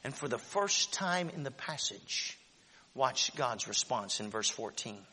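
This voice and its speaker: A man in his forties preaching a sermon, swinging between shouted proclamation and quiet, close talk. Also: medium pitch, big pitch swings, unhurried, slightly rough, in a large hall. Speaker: pastor.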